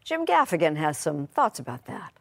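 A woman news anchor introducing segments crisply, with light amusement. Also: low-pitched, sing-song, normal speed, loud music behind the voice. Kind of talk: news presenting.

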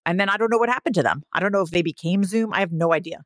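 A woman's voice: fairly low pitch, racing, dry recording. Woman, podcast co-host, casual chat, laughs often, dry close mic. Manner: chatty, laughs often, animated asides.

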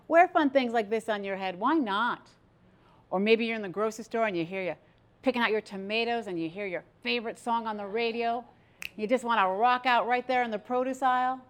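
A middle-aged woman giving a motivational stage talk, playful and animated, drawing the audience into participation. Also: fairly high pitch. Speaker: speaker. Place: stage before a live audience.

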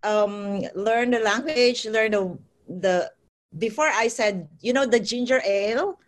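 A woman's voice: a little high, unhurried. A woman from the Philippines, a nurse, answering interview questions in a chatty way and laughing often.

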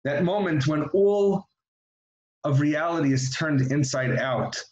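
A man's voice: on the high side, a little slow, darkish tone, muffled recording. A man giving an earnest, reflective religious talk that moves into storytelling, often restarting his sentences. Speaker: religious teacher. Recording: echoey room.

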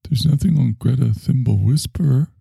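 A man's voice: medium pitch, normal speed, creaky, dark tone, breathy edge, dry recording, exaggerated voice. A man voicing a puzzled, skeptical ordinary man who keeps questioning. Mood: doubtful. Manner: questioning, plain, doubtful.

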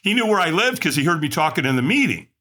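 A middle-aged man recounting his past on a podcast, bright and forceful in tone. He tells it candidly and with plenty of life, jumping up in pitch whenever he acts out what someone said. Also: quick pace, breathy edge. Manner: animated, acts out quoted voices with big pitch jumps. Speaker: podcast guest. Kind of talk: candid storytelling.

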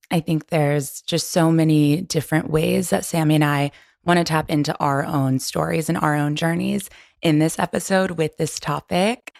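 A woman with a raspy, very low voice co-hosts a wellness podcast and leads calm spoken affirmations. Her tone is gravelly and close, with a dry studio sound. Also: normal speed, dry recording. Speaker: podcast co-host. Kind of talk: guided affirmation and podcast chat.

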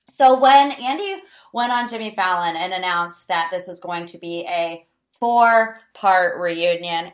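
A woman hosting a podcast in a casual gossip chat, animated, dramatic and sarcastic. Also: mid-range voice. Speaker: podcast host.

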